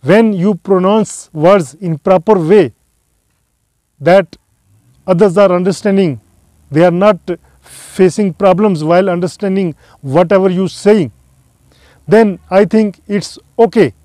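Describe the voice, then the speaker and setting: A man giving a spoken English lesson to his viewers, offering slow, earnest advice and repeating key phrases. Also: high-pitched, mellow, dry recording. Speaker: English teacher.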